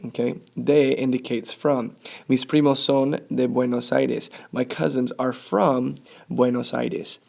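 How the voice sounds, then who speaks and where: Gravelly upbeat male Spanish teacher. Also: mid-range voice, fairly even intonation, measured pace, a little mellow. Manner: upbeat, checks in with "okay?" often. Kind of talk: classroom grammar lecture.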